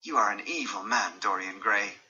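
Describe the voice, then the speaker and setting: A man's voice: fairly low pitch, normal speed, bright, forceful tone, dull audio. A man reading an audiobook, voicing a stern male scientist who refuses and speaks coldly.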